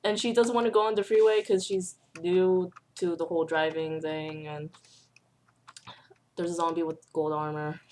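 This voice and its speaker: A woman's voice: on the low side, flat delivery, moderate pace, darkish tone. A young woman hosting a casual chat while playing a video game, telling stories and laughing often. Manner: giggly, laughs often between storytelling. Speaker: channel host.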